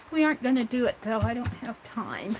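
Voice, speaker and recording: Her voice sits on the high side, and the audio quality is poor. She's running a relaxed craft stream at home, putting her supplies away and chattering to viewers and to herself as she goes.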